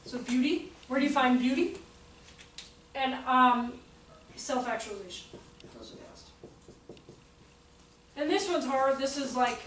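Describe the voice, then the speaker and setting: High-voiced joking woman in an echoey room. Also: normal speed, long pauses. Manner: chatty, joking, self-mocking, lively storytelling. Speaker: workshop presenter for teachers. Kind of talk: informal teaching talk. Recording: echoey room from far off, faint background noise.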